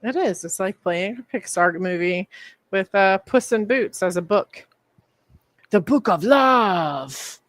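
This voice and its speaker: A woman's voice: medium pitch, normal speed, no echo. A woman co-hosting a podcast in casual chat, chatty and teasing, who laughs easily. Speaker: podcast co-host.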